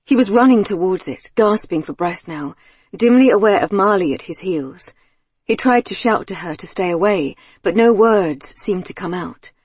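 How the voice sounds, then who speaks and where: A woman narrates a suspense audiobook in a measured, tense way, her mid-pitched voice carrying a soft husk. The recording is close and completely dry, with no room sound at all. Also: animated, slightly rough, dry recording. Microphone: close studio mic.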